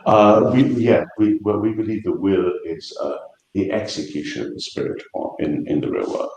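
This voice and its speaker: A low-voiced man earnestly explaining his faith, often restarting his sentences. The sound is roomy and echoey. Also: moderate pace, a little mellow. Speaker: Christian debater. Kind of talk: casual online debate.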